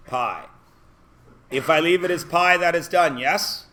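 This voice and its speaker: A man's voice: on the high side, measured pace, long pauses, sharp tone. A man teaching a math class, asking the students questions and often answering them himself. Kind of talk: classroom lesson.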